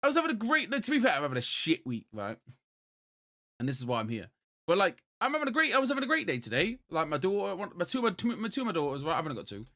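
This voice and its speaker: A British man in his thirties, a podcast co-host telling a story in a casual chat, moving between loud bursts and muttered asides. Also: sits high, wildly swooping pitch, racing.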